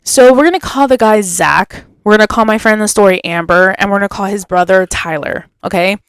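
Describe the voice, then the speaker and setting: A young woman tells a personal story on a podcast, casual and animated, slipping into the voices of the people in it. Her voice is smooth and clean, recorded close and dry with no room sound. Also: mid-range voice, brisk, no echo. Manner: animated, acts out quoted dialogue. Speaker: podcast host.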